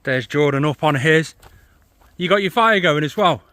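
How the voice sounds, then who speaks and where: A man, chatting excitably to a handheld camera while vlogging outdoors in a forest at night. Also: a little high, normal speed, dry recording. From England. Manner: excitable, chatty, laughs often. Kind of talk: casual vlog narration.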